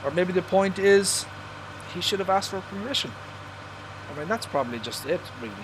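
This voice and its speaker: A man's voice: high-pitched, expressive, moderate pace, noisy background. An Irish man casually commenting on a farming game he is playing live, rambling through his opinions and swearing at mishaps on screen. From Ireland. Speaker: livestreamer.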